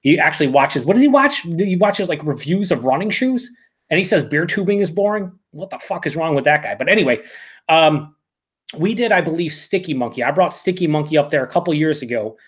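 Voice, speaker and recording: A man doing a live beer review, talking excitably and swearing a lot as he reacts to each sip. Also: fairly high pitch, brisk. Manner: excitable, profane, emphatic.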